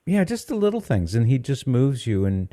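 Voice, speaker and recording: Guy hosting a call-in radio show, warm low voice, encouraging, dry studio sound. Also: big pitch swings, moderate pace, dry recording. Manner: reassuring, encouraging. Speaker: radio host.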